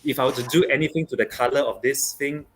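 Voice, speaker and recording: A young man from Malaysia, talking football as a guest on a casual online show, pausing often with fillers and restarts. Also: medium pitch. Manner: halting, many fillers and restarts. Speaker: guest pundit.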